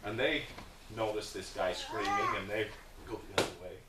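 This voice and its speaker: A man's voice: lowish voice, fairly even intonation, moderate pace, very noisy. A man giving a plainspoken, earnest storytelling talk to a group as a guest speaker, with hesitations along the way. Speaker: guest speaker about a volunteer food project. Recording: roomy sound from a distant mic.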